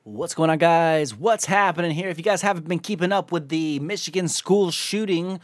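High-voiced guy ranting on his podcast, swears a lot, real dry close mic. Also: normal speed, no room sound. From Ohio. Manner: angry, profane ranting, reads news aloud. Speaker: podcast host.

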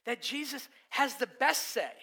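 Bright high-voiced preaching man. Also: measured pace, creaky, breathy edge. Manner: animated, swings from loud to hushed, acts out quoted voices. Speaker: pastor. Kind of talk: sermon.

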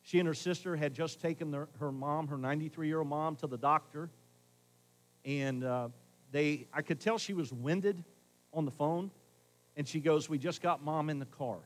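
Middle-aged male pastor, slightly high voice, conversational sermon, swings from loud to hushed. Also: moderate pace, poor audio. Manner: conversational preaching, shifts between loud emphasis and hushed asides.

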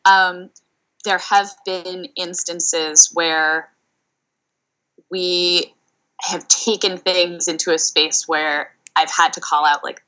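A woman career coach answering interview questions in a thoughtful way, with frequent fillers and pauses. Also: on the low side, steady tone, pushed and bright, low-quality recording. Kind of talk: podcast interview.

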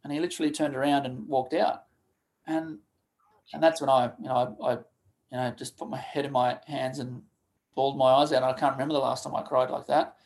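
A man, a podcast guest telling a personal story of loss in a halting, emotional way, full of restarts and pauses. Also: mid-range voice, steady tone, gravelly, darkish tone. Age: 30s. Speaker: guest, charity co-founder.

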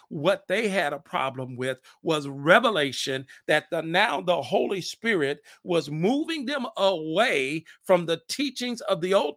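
A pastor preaching a podcast sermon with passion, repeating phrases and acting out scripture dialogue. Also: male voice, high-pitched, a bit bright, dry recording, studio quality.

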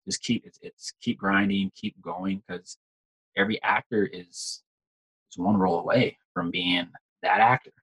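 Young actor guest, husky and slightly low, loose rambling delivery. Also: male voice, steady tone, a little slow, fairly bright tone, low-quality recording. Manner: rambling, repeats words, says "like" and "you know" often. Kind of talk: casual interview chat.

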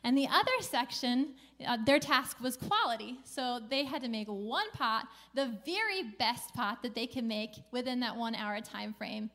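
A woman's voice: fairly high pitch, normal speed, few pauses, fairly bright tone. A woman pastor preaching a sermon in a conversational way, with casual slang mixed into her preaching.

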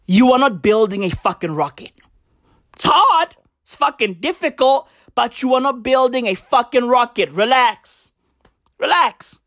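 A woman's voice: a little high, a bit bright. A woman comedian delivering a profane, emphatic stand-up rant, hammering her points with repetition.

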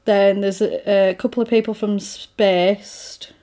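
A woman's voice: mid-range voice, a little slow. A woman in casual chat, animatedly retelling a film plot and acting out the characters' lines. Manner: animated storyteller, acts out quotes.

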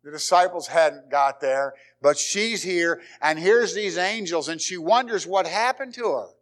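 Man, pastor, sermon in a church, slightly high voice, conversational preaching, dramatic pauses. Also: a bit bright. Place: church sanctuary.

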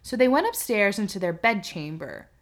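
A woman's voice: mid-range voice, sing-song, normal speed. A woman hosting a podcast, reading a folk tale aloud with wry asides. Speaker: podcast host. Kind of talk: casual storytelling podcast.

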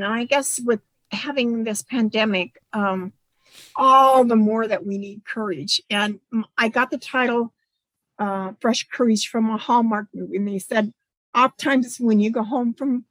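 A woman author speaking as a guest in an interview, reflective and halting, often restarting her sentences. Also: on the high side, a bit bright, dry recording, poor audio. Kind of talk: casual interview conversation.

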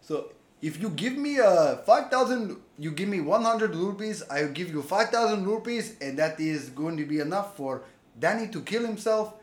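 A man putting on a pompous foreign millionaire's voice, slow and grand, in an echoey room. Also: sits high, lively intonation, voice pushed up. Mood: grandiose.

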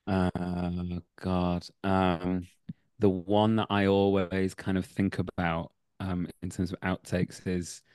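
Man, Manchester accent, low voice, dry close sound, lively storyteller, actor. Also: slow pace, smooth, no echo. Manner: animated anecdotes, laughs mid-story. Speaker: actor and acting teacher. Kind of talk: casual podcast interview, storytelling.

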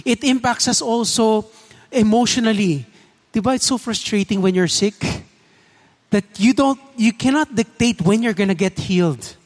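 A man preaching a sermon. He talks earnestly and keeps asking the congregation questions. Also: high-pitched. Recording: echoey hall reverb.

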